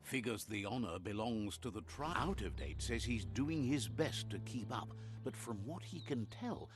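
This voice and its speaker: An actor voicing a calm game narrator who tells the hero's tale in a scripted storybook manner, with a playful relish for sound words. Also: male voice, mid-range voice, moderate pace, lightly acted. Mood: storytelling. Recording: faint game music behind.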